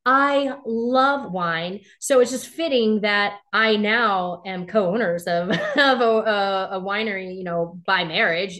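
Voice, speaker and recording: A middle-aged woman being interviewed, animated and laughing often, acting out quoted voices as she tells stories. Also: medium pitch, slow pace, few pauses. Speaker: interview guest. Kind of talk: casual interview talk.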